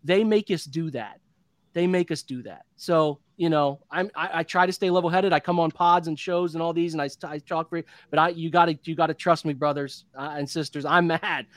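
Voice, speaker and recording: A man's voice: a little high, steady tone, a little fast, no echo. Fired-up man in his thirties, ranting. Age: 30s. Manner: impassioned, repetitive, venting. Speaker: podcast host. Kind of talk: postgame sports rant.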